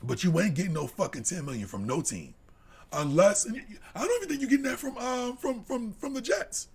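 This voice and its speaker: Man ranting hard, wildly swinging pitch. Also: animated, brisk, husky. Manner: heated, swings from low mutter to shouting. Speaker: podcast co-host. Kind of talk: profane sports rant.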